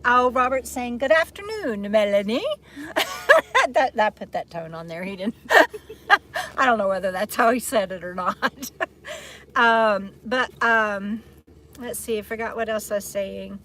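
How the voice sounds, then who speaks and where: Chatty woman, slightly high voice. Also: sharp tone, a little hiss or hum. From Texas. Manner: chatty, rambling, laughs often. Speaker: vlogger hosting a live chat. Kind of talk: casual live-stream chat. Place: outdoors in the shade beside an RV.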